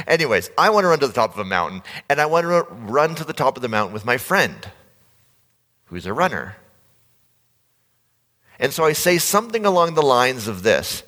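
A man giving a conversational sermon as a pastor, telling a playful story with sudden loud bursts on a stage mic. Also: medium pitch, big pitch swings, normal speed, long pauses. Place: large church hall. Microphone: handheld stage mic. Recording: long hall reverb.

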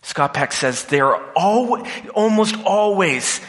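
A man giving an animated talk to an audience, acting out the voices of the people he quotes. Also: high-pitched, slow. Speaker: speaker. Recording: long hall reverb.

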